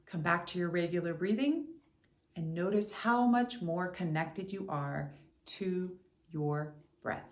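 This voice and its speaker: A woman voice coach guiding a speaking warm-up in an upbeat, encouraging way, talking straight to the listener. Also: fairly low pitch. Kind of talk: guided warm-up instruction.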